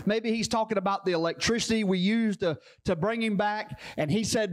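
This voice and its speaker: A high-voiced man preaches a sermon as a pastor. He tells a story and drives each point home by repeating his phrases. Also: a little fast, hardly any pauses. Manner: emphatic, repetitive storytelling.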